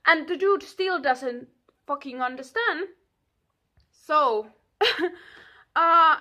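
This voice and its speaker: A young woman telling a story casually, animated and swearing, acting out what people said. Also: high voice, slight background noise. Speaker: vlogger.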